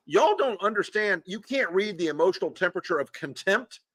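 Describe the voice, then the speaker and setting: Southern male co-host, sardonic and profane, bright high voice. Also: animated, brisk, dry recording. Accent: Southern American. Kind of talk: casual political chat.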